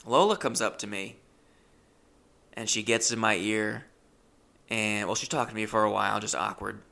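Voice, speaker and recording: In a stand-up storytelling bit, a man with a fairly low, gravelly, sharp voice tells a rambling, awkward, self-deprecating comic story. He restarts himself many times.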